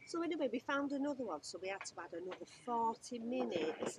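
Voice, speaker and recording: A woman's voice: a little high, sing-song, brisk, hardly any pauses, heavy background noise. A middle-aged woman, chatting casually and exclaiming as a motorhome travel vlogger. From England. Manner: chatty, exclamatory, laughs often. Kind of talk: casual chat. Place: outdoors by a motorhome.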